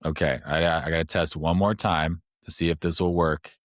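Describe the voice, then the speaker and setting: Brief: male podcast host, extremely deep voice, rambling casual explainer, dry close sound. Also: fairly even intonation, moderate pace, dry recording. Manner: rambling, explains step by step with fillers.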